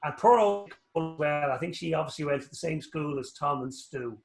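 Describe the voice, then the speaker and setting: Chatty Irish man, slightly high, recorded in an echoey room. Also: fairly quick, gravelly, soft background music. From Northern Ireland. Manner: rambling, animated storyteller, joking. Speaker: guest, anatomist. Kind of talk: casual interview chat.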